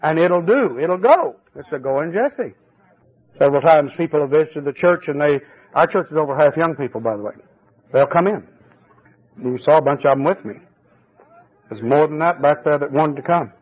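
A man preaching a fervent sermon at a church service, his voice swinging between high exclamations and low, confiding asides. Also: expressive, normal speed, husky. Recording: tinny old cassette tape recording.

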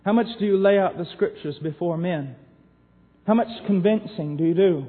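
Impassioned high-voiced male preacher. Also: normal speed. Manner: impassioned, swinging from hushed to shouting. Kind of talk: sermon. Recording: tinny lo-fi recording in a reverberant hall.

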